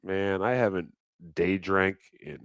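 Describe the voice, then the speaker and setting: A man hosts his live stream in a loose, rambling chat, cursing freely and joking with viewers. His voice is deep and his delivery unhurried. The sound is dry and close, with no room echo. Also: a bit bright, clear, resonant tone. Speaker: livestream host. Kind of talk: casual livestream chat.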